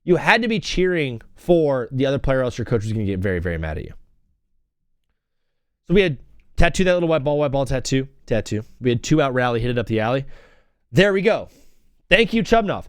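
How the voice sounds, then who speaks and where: A young podcast host rambles through stories on his casual solo talk show, chanting old cheers in a sing-song. His mid-range voice is sing-song and fairly quick, with long pauses, in a dry, studio-quality recording.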